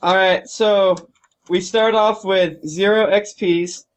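A man's voice: high-pitched, fairly even intonation, takes it slowly. Man explaining game rules wryly. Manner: wry, explaining rules with filler ums. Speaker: player leading the game setup. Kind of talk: casual game-night explaining.

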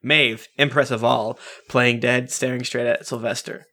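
A man co-host on a laid-back podcast, reading out listener categories and teasing the group. His voice sits mid-range and sounds bright. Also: medium pitch, steady tone, unhurried. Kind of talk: casual podcast chat.

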